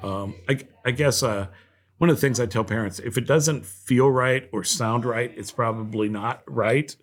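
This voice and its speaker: A man from Ohio, a guest leading a nonprofit, speaking in a heartfelt, halting way with many fillers in a casual interview. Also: medium pitch.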